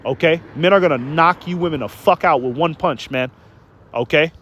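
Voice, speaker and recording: A man's voice: a little high, moderate pace, a bit bright, slight background noise. Emphatic man preaching a rant. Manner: emphatic, keeps asking "okay?" and "man"; stumbles and repeats words. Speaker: online preacher. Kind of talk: preaching rant with scripture reading.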